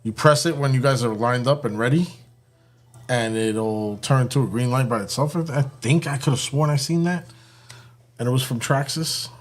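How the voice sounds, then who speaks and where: A man's voice: mid-range voice, moderate pace. Easygoing man hosting a live stream. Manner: joking, laughs often, talks to chat. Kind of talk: casual live-stream chat while building a kit.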